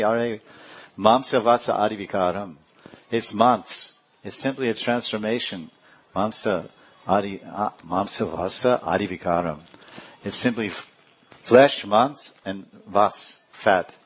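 A middle-aged man delivers a devotional lecture, his voice sitting a little low. He recites verses in Sanskrit, then unpacks them word by word with chuckles along the way. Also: breathy edge. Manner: chanting Sanskrit verses and explaining them with laughs. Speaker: spiritual teacher.

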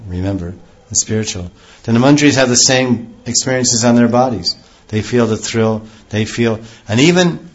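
A man with a low voice gives a devotional lecture. He talks in a rambling way, restarting phrases often. The recording is dull and lo-fi. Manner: rambling, with many restarts and acted quotes. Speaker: spiritual teacher.

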